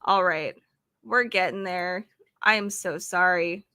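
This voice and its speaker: A woman's voice: fairly low pitch, slow pace, pushed and bright, clear, resonant tone, no echo, clean studio sound. A woman hosting a casual trivia livestream, chatty and apologetic as she reads questions aloud to her chat. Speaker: livestream host running trivia games.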